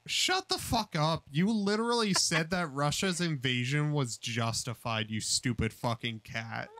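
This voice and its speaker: On a call, a man streams a crude comedic rant debating a cat, hurling profane insults broken by sudden shrieks and wildly swinging pitch. His voice is a bit bright and unhurried, in a dry recording.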